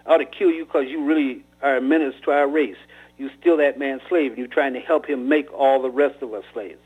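A man's voice: mid-range voice, fairly even intonation, fairly quick, breathy edge, close to an everyday voice. A man voicing a stern, angry old man scolding two young robbers, heard over a tinny phone-like radio line. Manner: scolding, commanding.

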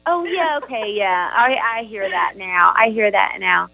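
A woman with a Southern US accent talks in a friendly, chatty way, often restarting her sentences. Her voice sits at an ordinary middle pitch. The sound is dry and close, with no room echo. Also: big pitch swings, gravelly, bright, forceful tone. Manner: chatty, encouraging, quick restarts. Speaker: guest author. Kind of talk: casual chat.

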